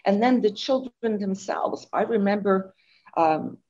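An older woman from Montreal, Canada, appears as a guest author in an interview, chatting and telling animated stories full of fillers. Her mid-range voice is a little slow, and the audio sounds dull.

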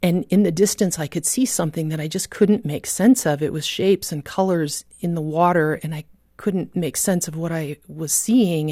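A woman's voice: low-pitched, darkish tone, no echo, clean studio sound. A woman giving an earnest, emotional testimony of a personal story, with vivid storytelling. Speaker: guest telling a personal story.

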